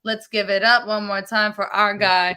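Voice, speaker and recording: A woman's voice: medium pitch, level tone, moderate pace, bright, forceful tone, clear, resonant tone. A woman co-hosting a virtual poetry open mic with a New York accent, chatting casually with fillers and frequent laughs. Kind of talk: casual live-stream hosting.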